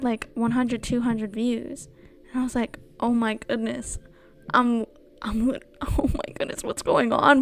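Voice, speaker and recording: A woman chatting casually and giggling as she answers viewer questions on a stream. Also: on the high side. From United States. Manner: giggly, chatty, reads chat questions aloud. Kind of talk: casual chat. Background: quiet background game music.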